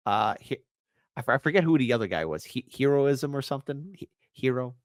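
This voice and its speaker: Chicago lady hosting her stream, low voice but swings up and down a lot, teasing and mocking, dry close sound. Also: lively intonation, a little fast, dry recording. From Chicago, USA. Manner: mocking, playful, bouncy delivery. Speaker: online show host. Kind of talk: casual commentary stream.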